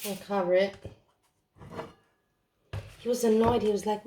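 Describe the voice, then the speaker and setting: A woman's voice: mid-range voice, fairly even intonation, measured pace, pauses often, warm tone, slight background noise. A woman chatting casually to her viewers while she cooks in her home kitchen. She talks in a blunt, offhand and rambling way. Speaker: vlogger. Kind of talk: casual cooking vlog chat.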